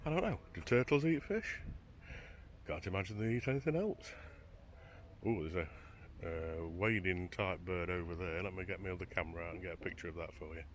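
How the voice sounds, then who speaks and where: A travel vlogger walks a beach at sunrise, holding the camera and chatting to it as he wonders aloud. His voice sits low and moves briskly, with slight background noise.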